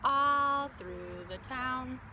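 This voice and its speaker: A woman leads a storytime for small children, her fairly high voice swooping up and down as she sings and reads. She coaxes and cheers in a sing-song way. Soft outdoor ambience sits faintly behind her phone recording. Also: lively intonation, drawn-out words, muffled recording, slight background noise. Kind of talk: live storytime with songs and picture-book reading. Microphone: phone on a small table.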